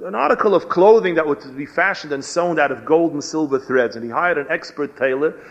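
A man giving a storytelling sermon as a rabbi, animated and weaving Hebrew and Yiddish terms into his English. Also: fairly high pitch, brisk. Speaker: rabbi giving a Torah lecture. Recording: dull lo-fi recording.

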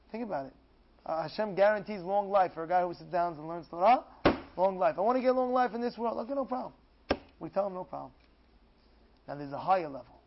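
A rabbi gives an animated Torah class in the style of a lively sermon, acting out dialogues and repeating phrases with growing excitement. His voice is fairly high-pitched, and the recording is muffled.

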